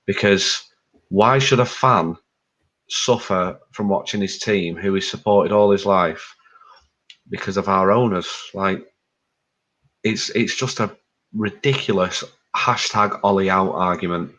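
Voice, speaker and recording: A man's voice: deep voice, a little slow, fairly bright tone. A man talking as a fan pundit in a casual discussion. He speaks candidly, rambles and swears. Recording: dull lo-fi audio.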